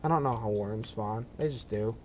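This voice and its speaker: A man's voice: lowish voice, normal speed, slight background noise. A man streaming a video game, rambling through casual commentary with self-mocking asides.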